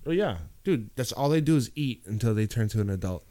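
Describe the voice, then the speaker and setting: A man's voice: mid-range voice, animated, a little fast, dark tone, no room sound. A laid-back man, talking casually as the grow expert on a podcast, often saying "dude".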